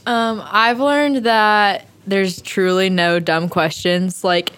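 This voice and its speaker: A woman's voice: mid-range voice, steady tone, slow pace, a bit bright, smooth. A young woman intern giving earnest interview answers, often saying "like" as she talks. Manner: earnest, uses filler "like".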